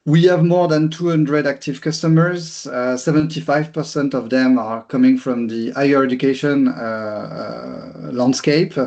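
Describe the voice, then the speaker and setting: A man's voice: medium pitch, steady tone, unhurried, gravelly, hardly any pauses, darkish tone. French guy presenting on a webinar, heavy accent, stumbles and repeats words, lo-fi call audio. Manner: hesitant, repeats words, many fillers. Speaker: company CEO presenting. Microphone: video call.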